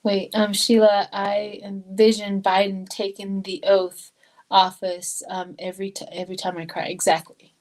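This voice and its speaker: A woman's voice: mid-range voice, level tone, normal speed, a little mellow, poor audio. An older woman from Colorado giving a live tarot reading in an emotional, chatty way, reading viewer comments aloud. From Colorado, USA. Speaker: tarot reader.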